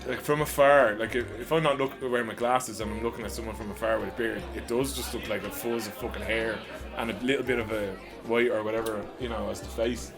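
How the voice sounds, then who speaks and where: A man's voice: on the low side, fairly even intonation, quick pace, loud music behind the voice. An Irish man co-hosting a casual podcast, throwing in dry, teasing quips and swearing. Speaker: podcast co-host. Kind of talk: casual chat.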